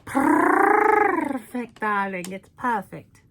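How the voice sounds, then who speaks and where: A woman's voice: high-pitched, very animated, creaky, very noisy, heavily acted. A woman putting on the voice of a glamorous, sultry diva, drawing out her words with a purr. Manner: drawn-out purring delivery with 'darling'.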